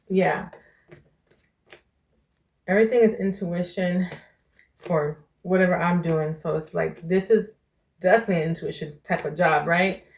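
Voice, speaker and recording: Speaking to the camera in a relaxed, candid way, this lowish-voiced New York vlogger and tarot reader addresses the viewer as "child" and "baby".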